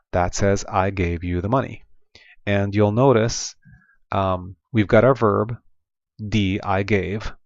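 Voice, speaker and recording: A man's voice: deep voice, no room sound. A man with an Oklahoma accent teaching a language lesson patiently, with frequent ums and restarts. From Oklahoma, United States. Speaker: Spanish teacher. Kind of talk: classroom lesson over slides. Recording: dull lo-fi voice-over.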